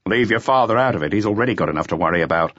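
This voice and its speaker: A man's voice: on the low side, expressive, racing, a bit bright, breathy edge, dry recording. A man voicing an impatient middle-aged police chief inspector, interrogating bluntly and at times coaxing like a father. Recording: slightly dull lo-fi audiobook recording.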